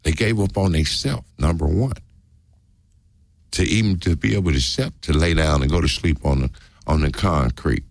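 A low, gravelly male voice with a husky edge, talking earnestly in a casual group discussion. He preaches his point and comes back to the same phrases again and again. Close and dry, with no room sound. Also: normal speed, no echo. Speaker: discussion participant.

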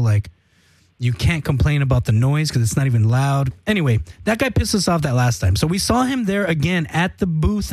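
A man's voice: a little high, darkish tone, no room sound. A young man casually telling a rambling, profane story, laughing and acting out what people said. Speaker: band member telling a story on a podcast.

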